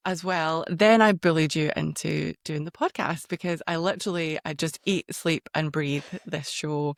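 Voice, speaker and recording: A woman's voice: deep voice, creaky, dry recording. Gushing woman podcast co-host, dry sound. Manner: gushing, animated fan, laughs often. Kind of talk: casual chat recapping a TV show.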